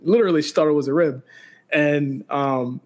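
A man's voice: on the high side, moderate pace. A young man co-hosting a podcast, telling a story in casual chat with many restarts and quoted back-and-forth. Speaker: podcast co-host.

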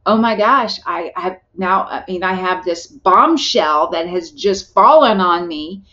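A woman's voice: fairly low pitch, measured pace, sharp tone. Middle-aged woman on a podcast telling her story, heartfelt, lots of restarts, kinda muffled lo-fi sound. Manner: earnest and heartfelt, with frequent restarts. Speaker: podcast guest. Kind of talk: personal storytelling in a podcast interview.

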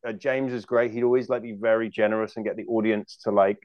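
British comic guest, lowish voice, jokey rambling chat, dry dull lo-fi sound. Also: male voice, little pitch movement, fast, dry recording. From United Kingdom. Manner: rambling, jokey, many restarts. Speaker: guest comedian. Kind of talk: casual chat.

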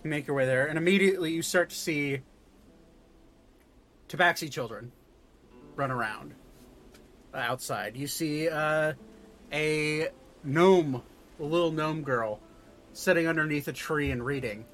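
Slow, meandering game master man. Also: on the high side, a bit bright, slight background noise. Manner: slow and meandering, with many fillers. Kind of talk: narrating a tabletop game.

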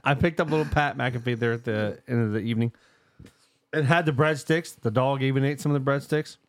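A man's voice: medium pitch, brisk, dry recording, clean studio sound. A man hosting a casual podcast, telling stories with lots of swearing and laughter. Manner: profane, storytelling, laughs often. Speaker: podcast host.

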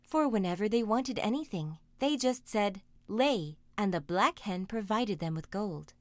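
A woman reading a fairy tale aloud, expressive and dramatic. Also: mid-range voice, moderate pace, no echo. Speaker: storyteller. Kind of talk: storybook reading.

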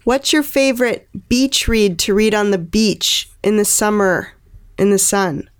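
A woman's voice: medium pitch, steady tone, measured pace, clear, resonant tone. Playful woman hosting a book podcast. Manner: playful, reads the sign-off plainly. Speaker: podcast host. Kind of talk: casual book podcast chat.

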